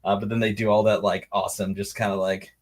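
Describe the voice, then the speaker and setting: A young man co-hosting a casual podcast chat, laughing often and quoting movie lines in a squeaky put-on voice. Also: flat delivery, fast, heavy background noise. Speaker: podcast co-host.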